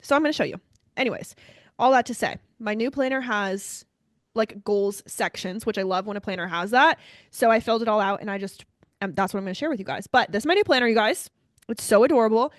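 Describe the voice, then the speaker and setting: A young woman co-hosting a podcast, chatting casually and brightly, often addressing listeners as "you guys.". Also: medium pitch, fast, no echo, clean studio sound. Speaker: podcast co-host. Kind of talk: casual chat.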